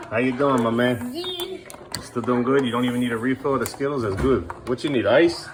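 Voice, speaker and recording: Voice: medium pitch, noisy background. A parent filming a casual home vlog indoors, speaking firmly but patiently to two young children and venting to the camera in between. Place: indoors at home, bathroom area.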